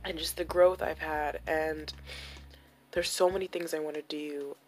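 A woman's voice: low voice, steady tone, unhurried, soft background music. A young woman talking candidly and emotionally in a personal vlog, with many "like" fillers. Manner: emotional, confessional, full of "like" fillers. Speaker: vlogger.

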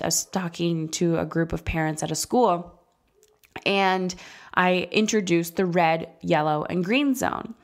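A woman in her thirties talks through a solo parenting podcast in a candid, conversational way. She slows down and leans on the words she wants to stress. Her voice sits at an ordinary middle pitch. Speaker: podcast host and parenting coach.

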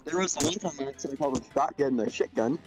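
A man's voice: mid-range voice, very fast, over music. A man joining a game stream over voice chat, trading teasing banter. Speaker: friend on the stream. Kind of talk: casual gaming chat.

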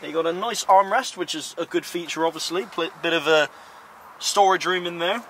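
A man with a fairly high voice gives a playful, emphatic car walkaround outdoors. Clear outdoor noise and street sounds run behind his camera-mic recording. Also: moderate pace. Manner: playful, emphatic, lively rises on praise. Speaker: car vlogger presenting cars. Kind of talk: casual enthusiastic car walkaround. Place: outdoors beside parked cars.

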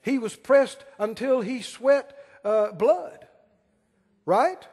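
High, lively-voiced male preacher in a hall. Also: slow pace, breathy edge. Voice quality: emphatic, asks the congregation questions and drags out key words. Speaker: pastor. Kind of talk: sermon.

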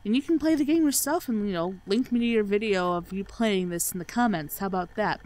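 A woman's voice: medium pitch, fairly quick, a little mellow. A woman hosting a let's play, giving sarcastic, profanity-laced commentary and mocking the game's dialogue. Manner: sarcastic, swears freely, mocks the game's dialogue. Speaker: let's play channel host. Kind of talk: gaming commentary.

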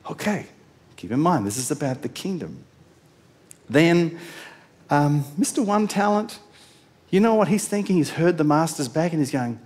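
A male pastor giving a sermon, retelling scripture in an animated storytelling way. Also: on the high side, moderate pace, pauses often.

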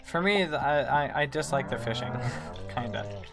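A woman streaming a game, chatting with viewers as she plays, with sudden excited squeals. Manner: chatty, reads and answers chat while playing; excitable, quick bursts of high squeals. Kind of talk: live gameplay commentary. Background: faint game music.

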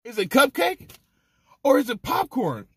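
A man's voice: extremely high pitch, wildly swooping pitch, a little slow, soft background music. A man hosting a casual snack review vlog, talking with slang and open emotion. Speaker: food reviewer host.

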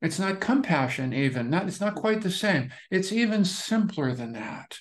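A man's voice: sits high, moderate pace. Male meditation teacher, loose conversational talk, circles back on his phrases. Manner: relaxed, repetitive, searching phrasing with many restarts. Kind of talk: dharma talk.

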